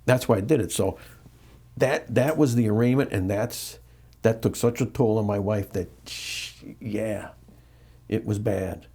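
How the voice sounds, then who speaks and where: A middle-aged American interview guest with a lowish, slightly rough voice speaks at a measured pace. Animated and candid, he keeps restarting and repeating as he acts out quotes in his story.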